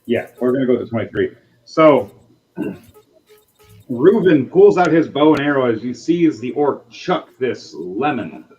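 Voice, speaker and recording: A man's voice: mid-range voice, measured pace, highs cut off, faint music behind. Casual male game master narrating. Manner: casual, lively narration with asides. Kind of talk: narrating a tabletop game on a livestream.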